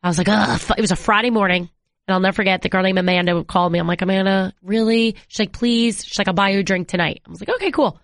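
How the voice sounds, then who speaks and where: A woman in her thirties, a TV sports anchor, telling stories in a casual interview and acting out quotes with jumps in pitch. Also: steady tone, racing, fairly bright tone, dry recording, clean studio sound. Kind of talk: conversational storytelling.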